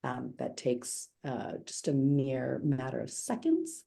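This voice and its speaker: A woman presenting a live software demo over a video call, chatty and upbeat, with quick self-corrections and asides. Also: a bass voice, sing-song, creaky. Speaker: webinar presenter demoing software.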